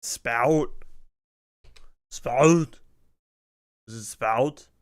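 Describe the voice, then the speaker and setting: A man streamer talks to himself as he works through a puzzle, trying out guesses under his breath and swearing when he gets stuck. His voice is smooth and clear, and he takes his time. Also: medium pitch, slow pace, fairly bright tone. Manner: mutters and swears while puzzling out crossword clues. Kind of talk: casual stream commentary, thinking aloud.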